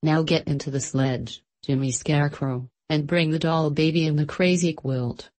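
Lady reader doing old santa in a storybook, low voice, slow bossy and jolly. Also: steady tone, darkish tone, close to an everyday voice. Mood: hearty. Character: jolly old male Santa Claus, brisk.

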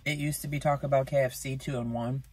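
A young man talking casually into his phone camera in a vlog, chatty and self-mocking, with his voice jumping up in pitch. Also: fairly even intonation, fast, a little mellow, husky, no echo. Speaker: vlogger. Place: in a car outside a store.

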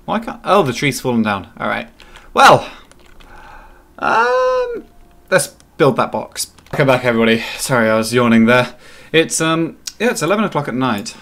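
A man's voice: medium pitch, lively intonation, a little fast, fairly bright tone. A man hosting a gaming channel, giving casual, playful commentary as he plays and chats to the game's characters. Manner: chatty, playful, talks to game characters.

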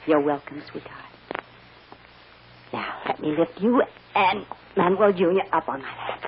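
A woman playing a devoted mother who softly soothes and coaxes her child, in 1940s radio acting on a dull old radio recording with hiss. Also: lowish voice, unhurried, lightly acted. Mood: soothing. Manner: soft, soothing, coaxing.

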